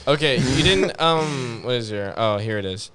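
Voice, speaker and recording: A man's voice: mid-range voice, lively intonation, normal speed, crowd noise. A man hosting a casual podcast, reading out questions, laughing and repeating himself. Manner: loose, joking, laughs a lot, repeats himself. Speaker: podcast host. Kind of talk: casual chat.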